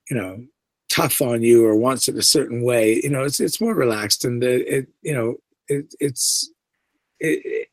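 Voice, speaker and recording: A man, an actor being interviewed, telling stories in a lively way, acting out the lines he quotes, with lots of "you know" along the way. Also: medium pitch, dry recording. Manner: animated, acts out quoted lines, many fillers. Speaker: voice and screen actor, guest. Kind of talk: casual interview storytelling.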